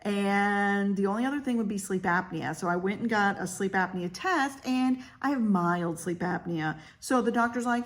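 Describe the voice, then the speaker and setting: A woman in her fifties speaks straight to the camera in a casual personal vlog. She is chatty and candid and sprinkles her talk with fillers. Her voice sits at a middle pitch. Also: moderate pace, few pauses. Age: 50s. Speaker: vlogger; realtor.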